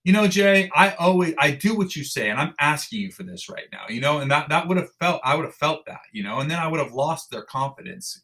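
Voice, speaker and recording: A man telling a story as a podcast guest, animated and blunt, swearing casually and restarting sentences. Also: medium pitch. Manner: animated storyteller who acts out dialogue, with frequent restarts. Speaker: podcast guest, endurance athlete. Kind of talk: storytelling in an interview.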